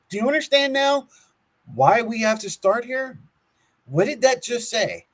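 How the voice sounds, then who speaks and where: Husky guy on a chill podcast, laughs a lot, kinda stumbles reading his notes out loud. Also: high voice, big pitch swings, normal speed, low-quality recording. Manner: laughs often, stumbles over words while reading aloud. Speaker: podcast co-host. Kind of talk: casual conspiracy podcast talk, reading from notes.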